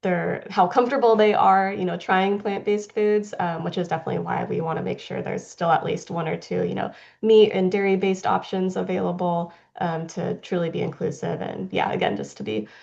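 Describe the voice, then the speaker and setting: A woman's voice: lowish voice, steady tone, brisk, gravelly, few pauses, darkish tone, dull audio. A woman presenting on a video call, answering questions with many fillers and restarts. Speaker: guest presenter.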